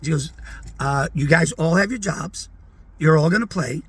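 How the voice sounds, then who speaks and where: Middle-aged man, high-pitched and raspy, spinning an animated anecdote. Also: normal speed. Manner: animated, acts out quoted voices. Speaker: storyteller. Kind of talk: casual anecdote.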